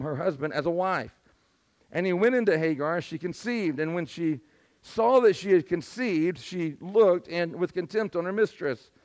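High-voiced preacher. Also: male voice. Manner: conversational preaching, asks the congregation for responses. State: squeaky, strained voice. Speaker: pastor. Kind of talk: sermon. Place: church sanctuary.

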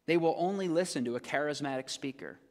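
A man preaching a sermon as pastor, swinging between loud, emphatic points and quiet, low asides. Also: fast, long reverb tail. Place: church sanctuary.

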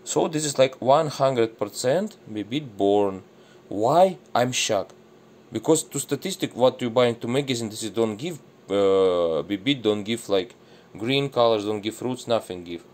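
A man whose first language is Russian walks through his home plants in halting, broken English, dropping in Indonesian words and Arabic blessings. His voice sits at an ordinary middle pitch. He talks in a loose, chatty, unscripted way. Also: animated, a little mellow. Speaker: gardening vlogger. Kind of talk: casual garden walkthrough.

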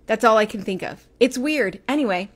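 A woman in her forties hosts her own livestream, talking casually into her phone or webcam. Her voice sits a bit higher than most. She rambles in a chatty way and often restarts a sentence to correct herself. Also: expressive, a little fast, breathy edge. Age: 40s. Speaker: livestream host.

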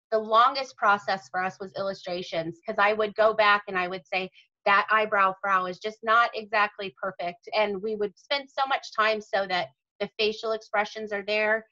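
Earnest woman author as interview guest, bright tone, dull lo-fi sound. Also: medium pitch, steady tone, moderate pace. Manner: earnest, detailed explaining. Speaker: author and mother. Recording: dull lo-fi audio.

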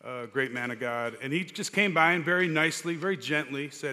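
Older guy sharing his testimony, lots of ums, bright voice, big church echo. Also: on the high side. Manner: storytelling, halting with many fillers. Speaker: guest speaker. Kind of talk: personal testimony in an interview. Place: church stage. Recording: church hall reverb.

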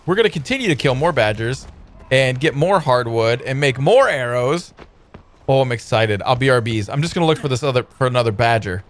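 A man hosting a let's play, commenting on gameplay in an excitable, joking way with many exclamations. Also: medium pitch, fairly quick.

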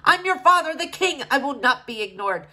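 Storybook read-aloud: woman doing a vain, scolding king, lively and theatrical. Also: medium pitch, normal speed, low-quality recording. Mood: furious. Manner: blustering, scolding, rhymed verse. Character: fussy vain male king, fashion-obsessed, pompous.

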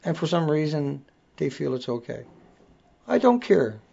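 On a casual livestream, an accented male host rants bluntly and swears without restraint. His voice sits fairly high and is very animated but measured in pace, gravelly and dark with a breathy edge, captured in dull lo-fi sound.

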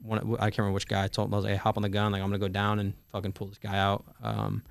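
A man's voice: on the low side, monotone, very fast, gravelly, clean tone. A young man in his twenties telling a war story in casual conversation, full of fillers and swearing, acting out the dialogue. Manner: frequent fillers and swearing, acts out quoted dialogue. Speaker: Marine telling his story as a podcast guest.

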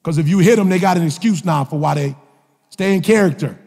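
A male preacher with delivers a motivational sermon, his husky voice rising into shouted, sing-song refrains. His voice sits high for a man. Soft music plays under him in a hall with a long reverb. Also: fast talker.

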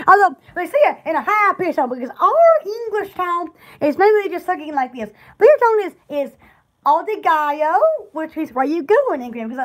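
Southern woman, store-owner live-stream chatter, very high voice, lively ups and downs, rambling and giggly. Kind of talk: casual live-stream chat.

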